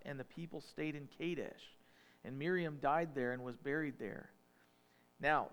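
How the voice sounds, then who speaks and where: Man, pastor, sermon, scripture reading, conversational, emphatic, slightly high voice. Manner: conversational, rising to emphatic questions.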